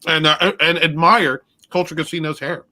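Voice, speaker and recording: A man's voice: on the high side, steady tone, moderate pace, sharp tone, slight background noise. A man on a podcast panel talking while eating, his voice muffled, in casual, joking live-stream chat.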